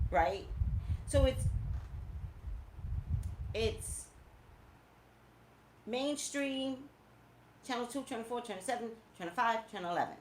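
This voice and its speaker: A woman hosting a casual live-stream talk show, gossiping in an animated way and talking straight to her viewers. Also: fairly high pitch. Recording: echoey room with faint noise.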